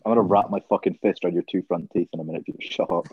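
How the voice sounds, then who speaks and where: A very deep-voiced young man who talks fast. He is heard over a dull, noisy remote line, blunt and swearing through casual podcast banter. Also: fairly even intonation. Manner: blunt, swears and makes mock threats. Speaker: podcast co-host.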